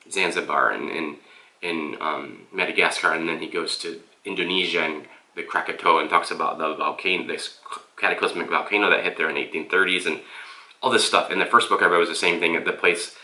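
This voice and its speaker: This casual vlog book review comes from a man with a low-pitched, bright, forceful voice, recorded on a camera mic in a room with echo. He wanders through his thoughts on the book and keeps addressing his audience as "guys."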